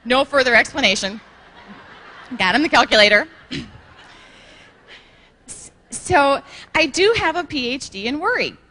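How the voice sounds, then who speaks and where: A woman with a somewhat high voice gives a motivational talk at a sales conference. She tells folksy anecdotes in a chatty way and clears her throat now and then. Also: animated, slow pace, pauses often, bright, forceful tone. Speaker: sales manager presenting at a conference. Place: conference hall.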